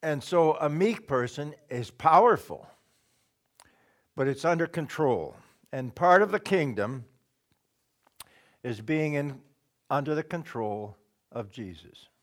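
A man preaching a sermon in a slow, deliberate way, pausing often and clearing his throat now and then. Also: on the high side, lively intonation.

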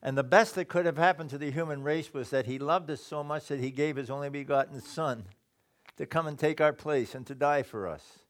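A man moves briskly through a sermon, reading scripture aloud and interpreting it while his delivery jumps from loud emphasis to quiet, low asides.

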